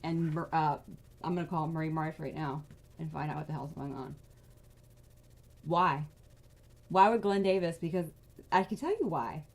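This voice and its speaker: A woman giving angry, casual political commentary, venting in rapid bursts of outrage. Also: deep voice. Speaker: political advocacy vlogger.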